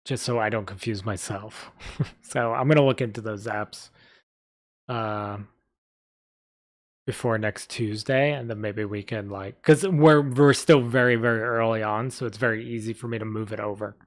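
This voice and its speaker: A man's voice: on the low side, steady tone, moderate pace. A young man casually chatting on a live stream, rambling with lots of fillers. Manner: rambling, filler-heavy, laughs often. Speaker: streamer reading a story live.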